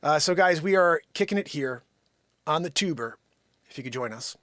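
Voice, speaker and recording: A man hosting a daily live comedy stream, rambling and joking, swinging from loud bursts to muttered asides. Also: on the high side, animated, normal speed, background noise. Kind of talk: unscripted live comedy chat. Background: his own intro song playing.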